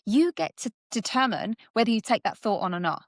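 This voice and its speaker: A woman guest coach talking through mindset ideas in a lively, conversational way, often acting out little scenes. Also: fairly high pitch, a little fast, no room sound, clean studio sound. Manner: animated, acts out little scenes in different voices.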